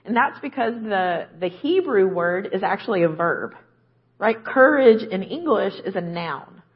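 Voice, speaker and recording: A woman's voice: medium pitch, animated, unhurried, husky, lo-fi sound. A woman preaching a conversational sermon, often checking in with "right?". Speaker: guest preacher.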